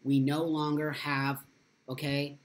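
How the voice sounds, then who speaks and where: A man's voice: on the high side, monotone, takes it slowly. Impassioned, foul-mouthed man hosting a live stream. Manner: impassioned, swears freely; reads viewer comments aloud. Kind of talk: casual live stream chat.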